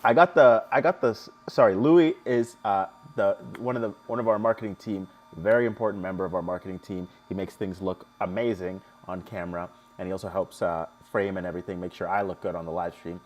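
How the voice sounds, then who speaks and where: A man's voice: low-pitched, a little fast, few pauses, darkish tone, a little hiss or hum. Chatty man hosting a live tutorial. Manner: chatty, jokey, talks to chat viewers. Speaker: live stream host.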